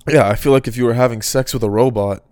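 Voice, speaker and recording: A man's voice: mid-range voice, fairly even intonation, quick pace, darkish tone, smooth, no echo, studio quality. Male podcast host, casual solo monologue, loose and rambling, mid-range voice, clean. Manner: rambling, off-the-cuff musing.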